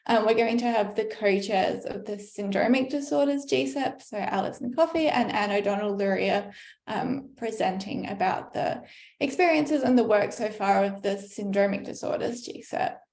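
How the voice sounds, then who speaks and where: Gravelly-voiced woman hosting a call. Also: mid-range voice, a little mellow. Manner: friendly, brisk, lots of "um". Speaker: meeting host. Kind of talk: online meeting moderation. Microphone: video call. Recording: echoey room on a call.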